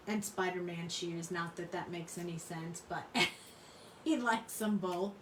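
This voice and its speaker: A woman's voice: fairly low pitch, slight background noise. A middle-aged woman hosting a crafting video, chatting casually and rambling, laughing often as she talks. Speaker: crafting channel host. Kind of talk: casual chat while crafting. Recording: roomy room, mic at a distance.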